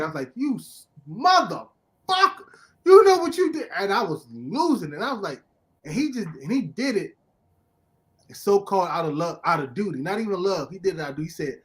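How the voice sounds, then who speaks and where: Excitable man with a fairly high voice. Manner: excitable, laughing, emphatic outbursts. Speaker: podcast host. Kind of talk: casual comic book chat.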